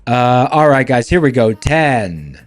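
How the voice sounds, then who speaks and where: A man hosting a live trading stream, talking casually and playfully to his chat through a voice changer that lowers his voice. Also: expressive, takes it slowly, soft background music. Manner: playful, talks straight to chat.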